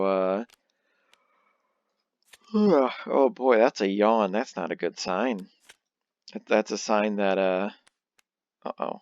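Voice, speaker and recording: Low, gravelly young man rambling. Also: dry recording. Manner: rambling, self-deprecating, thinks out loud. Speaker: let's play host. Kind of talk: casual gameplay commentary. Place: home. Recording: dull lo-fi home recording.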